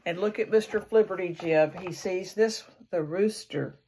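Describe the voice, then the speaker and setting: A woman reading a children's picture book aloud in an expressive storyteller's way, imitating the animal sounds. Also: on the low side, normal speed, breathy edge.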